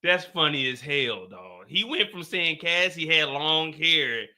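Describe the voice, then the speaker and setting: A man's voice: on the high side, animated, unhurried, sharp tone. A young adult man streaming live, reacting to news updates with incredulous laughter and casual slang, then reading the updates aloud. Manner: reads updates aloud plainly.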